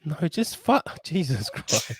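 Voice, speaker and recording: A man's voice: fairly high pitch, sing-song, slow, breathy edge, no echo. A middle-aged man co-hosting a podcast in crude, profane casual chat, laughing often. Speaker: podcast co-host.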